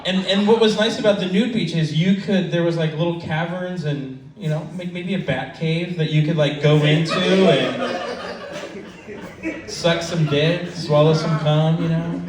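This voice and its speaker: A man's voice: a little high, measured pace. A middle-aged man doing a stand-up comedy set at an open mic, telling crude stories in a rambling way with lots of fillers. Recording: echoey club from a distance. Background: audience laughter.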